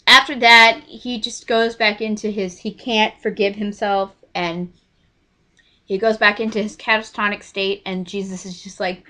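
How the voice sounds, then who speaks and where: A young woman in her twenties recounts an experience to her camera in a casual, heartfelt way. Her voice is bright and forward, and she slips into quoted lines with lively emotion. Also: mid-range voice, normal speed. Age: 20s. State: choked up. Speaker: vlogger. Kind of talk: casual storytelling.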